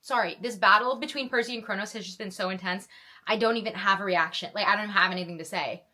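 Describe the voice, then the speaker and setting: Bright, gushing young woman vlogger. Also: mid-range voice, fast talker. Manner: gushing, emotional, self-interrupting with repeated restarts. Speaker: book reaction vlogger. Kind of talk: casual reading reaction vlog.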